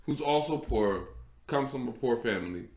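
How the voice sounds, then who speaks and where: A man's voice: mid-range voice, moderate pace. A man co-hosting a live stream, telling a long story in casual chat and acting out the voices of the people in it. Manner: animated storyteller acting out quoted dialogue. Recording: echoey room.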